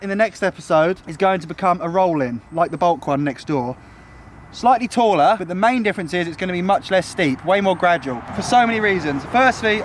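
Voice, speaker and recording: Young man, enthusiastic, a bit high, out of breath, faint outdoor noise. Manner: enthusiastic, chatty. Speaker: vlogger. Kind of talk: casual vlog walkthrough. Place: outdoors at a building site.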